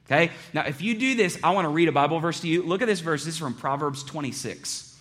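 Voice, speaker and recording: A man's voice: fairly high pitch, animated, fast talker, a bit bright. A man preaching a sermon as a pastor, earnest and conversational, often repeating his phrases.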